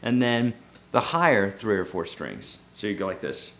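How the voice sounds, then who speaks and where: A man's voice: lowish voice, big pitch swings, moderate pace, fairly bright tone. A man giving a casual guitar lesson in a loose, joking, self-deprecating way. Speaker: guitar teacher. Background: guitar playing.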